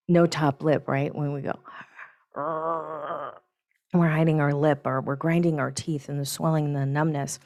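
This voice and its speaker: A woman with a slightly low voice delivers a spiritual astrology forecast. She talks dramatically, stretching key words slowly and slipping into breathy whispered asides. She fills in with casual "right?" and "honey" tags between thoughts. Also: a little mellow. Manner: dramatic, sensual emphasis with drawn-out words; fillers and restarts, chatty "right?" and "honey".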